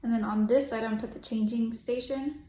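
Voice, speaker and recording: A woman's voice: a little high, steady tone, quick pace, mellow. A young pregnant woman chatting casually in a home vlog, talking with lots of fillers and a little out of breath. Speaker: vlogger. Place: home rooms, indoors.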